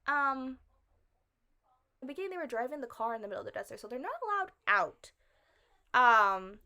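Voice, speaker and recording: Rambling woman with a slightly high voice. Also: big pitch swings, brisk, sharp tone. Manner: rambling, fills with "like" constantly; puzzled, questioning. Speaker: vlogger reviewing a film. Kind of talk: casual spoken review.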